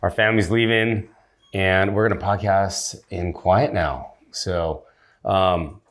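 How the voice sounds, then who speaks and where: A man hosting a faith podcast, talking loudly and with enthusiasm in a casual chat. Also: low voice, fairly even intonation, slow pace. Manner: loud, upbeat and enthusiastic. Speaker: podcast host.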